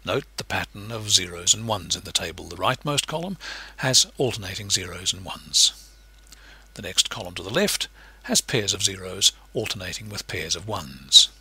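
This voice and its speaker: Husky male lecturer, bright and lively. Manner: patient, explanatory, lively pitch shifts. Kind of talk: recorded lecture narration.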